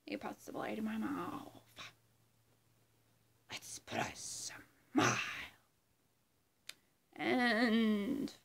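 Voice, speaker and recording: A woman doing an impression of a menacing male clown villain in a whispered role-play, speaking in a creepy hush. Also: a little high, drawn-out words, gravelly, long pauses, full character voice.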